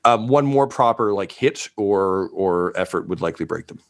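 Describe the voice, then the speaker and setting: Low-voiced man running a tabletop game. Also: moderate pace. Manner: relaxed, many ums and uhs. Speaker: game master.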